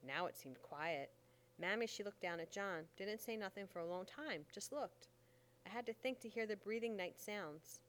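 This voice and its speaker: A woman reads a story aloud in the first person, steady and unhurried, with folksy dialect phrasing. Her voice sits in a middle pitch for a woman, and the delivery stays even as she tells the story. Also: a little hiss or hum. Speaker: audiobook narrator.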